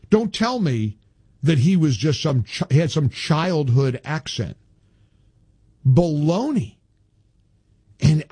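A husky male radio host with a lively, swooping delivery. He argues hard and repeats his lines for emphasis, speaking close to a dry studio mic. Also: a little high, dry recording. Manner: animated, combative, repeats phrases for emphasis. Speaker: radio talk show host. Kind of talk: talk radio monologue.

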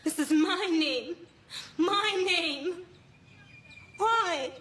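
A woman's voice: very high-pitched, drawn-out words, a bit bright, exaggerated voice. A woman playing a rebellious teenage daughter, tearful and defiant. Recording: echoey room, distant mic, faint music.

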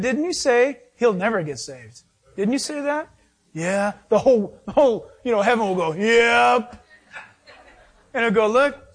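A middle-aged male pastor preaching a sermon, acting out quotes and laughing as he goes. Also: sits high.

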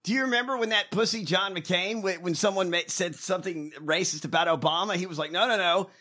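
A man's voice: sits high, fast talker, sharp tone. A man co-hosting a casual political chat show, sarcastic and profane, laughing often. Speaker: podcast co-host.

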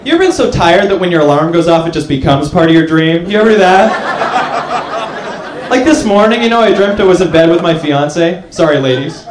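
A man doing a stand-up comedy set, telling jokey stories with an animated, laughing delivery. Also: a little high, fairly quick, heavy background noise. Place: comedy club stage before a live audience. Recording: echoey club with crowd.

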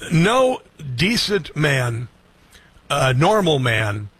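A man hosting a political talk show, speaking quickly with many fillers and a scoffing tone. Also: fairly high pitch, sing-song, fairly bright tone, breathy edge, no room sound. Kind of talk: opinionated commentary.

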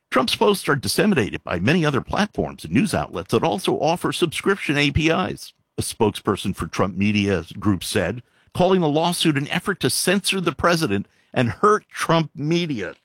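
A man reads news aloud in a lively, swooping voice, stopping often to add sarcastic, exasperated remarks and heavy sighs. His pitch sits mid-range for a man. The sound is dry and close, with almost no room around it. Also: moderate pace, husky, no echo. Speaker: commentator reading news. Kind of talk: reading news aloud with commentary.

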